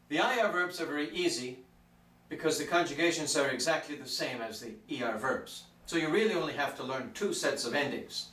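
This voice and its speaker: Man, slightly high voice, patient grammar teacher, recorded from a distance in a roomy space. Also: fairly bright tone. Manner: patient, stretches out example words. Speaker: Spanish teacher. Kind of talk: explanatory lesson. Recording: echoey room from far off.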